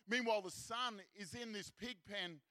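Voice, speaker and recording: Aussie guy preaching, bright high-ish voice, acts out all the parts, dry sound. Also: moderate pace, no echo. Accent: Australian. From Australia. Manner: animated, acts out characters' lines. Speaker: seminar speaker. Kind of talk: storytelling sermon.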